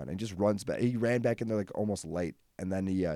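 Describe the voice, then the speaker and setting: A man's voice: deep voice, fast, few pauses, dark tone, dry recording, clean studio sound. A young man hosting a comedy podcast alone, rambling through stories with lots of fillers and self-deprecating jokes. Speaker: podcast host. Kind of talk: solo comedic rant.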